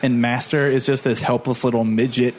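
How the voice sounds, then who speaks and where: A man's voice: mid-range voice, flat delivery, brisk, slight background noise. A young man on a casual podcast, animatedly retelling a film plot with lots of "like" and silly character voices. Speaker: podcast co-host. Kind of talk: casual movie plot recap.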